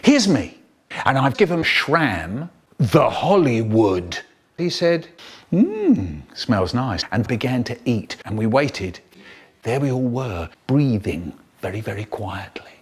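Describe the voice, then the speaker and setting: Animated man telling a story. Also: medium pitch, slow pace, husky. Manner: animated, exaggerated. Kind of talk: comic storytelling.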